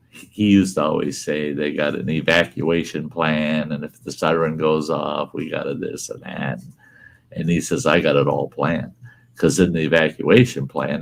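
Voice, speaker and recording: Gravelly low-voiced man telling a story. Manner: animated storyteller, laughs through lines, quotes others in a raised voice. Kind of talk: casual storytelling chat.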